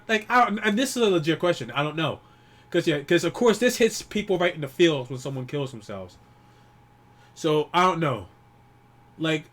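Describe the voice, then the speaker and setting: A man grieving while talking alone to the camera, rambling and swearing often, with many restarts and pauses. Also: on the high side, lively intonation, a bit bright. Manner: profane, rambling, frequent restarts. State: grieving, holding back tears. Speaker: YouTuber. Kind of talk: personal vlog monologue.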